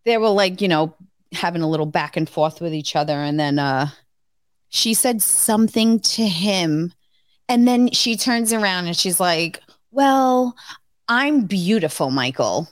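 A woman's voice: lowish voice, unhurried, dry recording, studio quality. A middle-aged woman co-hosting a podcast, rambling through a family story in casual chat. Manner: chatty, rambling, many fillers and restarts. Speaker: podcast co-host.

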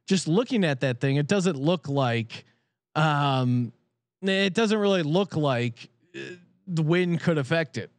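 A man's voice: a little high, lively intonation, takes it slowly, no room sound. Blunt, profane sports-betting co-host man. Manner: blunt and profane, candid picks. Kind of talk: casual sports betting chat.

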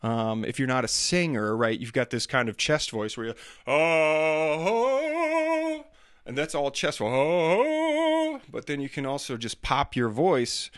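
A man's voice: mid-range voice, moderate pace, hardly any pauses, fairly bright tone, no echo. Middle-aged male host, casual rambling storyteller, mid-range voice, dead-dry recording. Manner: chatty, self-deprecating, demonstrates singing sounds. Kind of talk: casual monologue.

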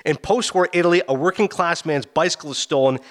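A man hosting a casual movie talk podcast, acting out film scenes in quick voices. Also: a little high. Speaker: podcast host.

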